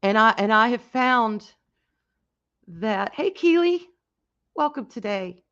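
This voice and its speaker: A woman hosting a casual livestream, talking in a halting, emotional way with many restarts and reading out chat comments. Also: mid-range voice, bright, forceful tone, dull audio. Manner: reads and answers chat comments. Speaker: livestream host.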